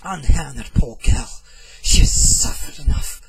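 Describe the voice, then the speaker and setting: A man's voice: measured pace, darkish tone, close to an everyday voice, rough recording. A man voicing a stern old wizard.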